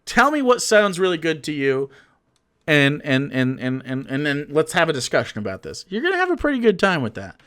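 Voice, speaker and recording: Animated, profane man reacting on stream. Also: a little high, a little fast, clear, resonant tone. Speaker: streamer reacting to a political video. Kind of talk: casual reaction commentary.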